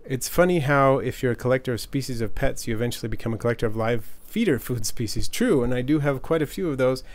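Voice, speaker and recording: A man's voice: mid-range voice, quick pace. A man in his forties, casually chatting with viewers as livestream co-host at home, rambling and reading chat aloud. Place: home, desert region.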